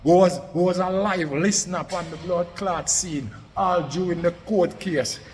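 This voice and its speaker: A man's voice: high-pitched, moderate pace, darkish tone, big-room sound, soft background music. A man with a Jamaican accent delivers a confrontational, profanity-heavy rant in patois, aimed at a rival. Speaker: online commentator.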